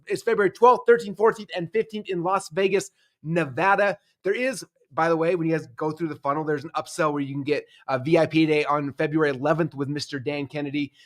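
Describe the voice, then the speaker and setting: A male host in his forties talks up an event in quick, bubbly, casual bursts. His voice sits high for a man and he keeps dropping in fillers as he goes. The pace rarely lets up. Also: a bit bright. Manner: upbeat, fast, filler-heavy casual talk. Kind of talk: enthusiastic event promo chat.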